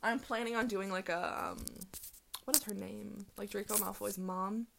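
Fast-talking young woman with vocal fry. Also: medium pitch, fairly even intonation, background noise. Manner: fast, rambling, full of "like" and laughter. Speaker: podcast host. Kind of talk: casual solo podcast chat.

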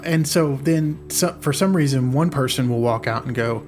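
A man's voice: medium pitch, normal speed, few pauses, darkish tone, soft background music. A man co-hosting a podcast in casual chat, rambling and repeating his words as he goes. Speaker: podcast co-host.

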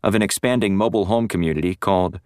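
A man's voice: low voice, fast talker, a little mellow, smooth, no room sound. A man narrating a first-person novel as an audiobook in a dry, wry storytelling manner. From North Florida.

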